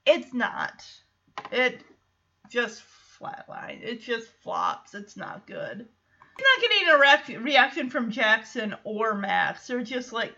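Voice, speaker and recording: A woman hosting a podcast, recapping an episode in a casual, animated way, acting out the characters' lines and laughing often. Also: a little high, takes it slowly, creaky, dull audio. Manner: animated storytelling, acts out quotes, laughs often. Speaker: podcast host.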